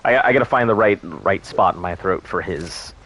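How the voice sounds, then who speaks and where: A man's voice: deep voice, lively intonation, normal speed, a bit bright, a little hiss or hum. Guy streaming a game, rambly and crude, just joking around with chat. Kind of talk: casual gameplay commentary.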